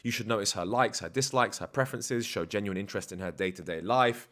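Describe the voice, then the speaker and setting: A man with a lowish voice gives dating advice in a casual vlog. He talks bluntly, with slang and easy self-assurance. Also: quick pace, a bit bright. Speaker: dating coach.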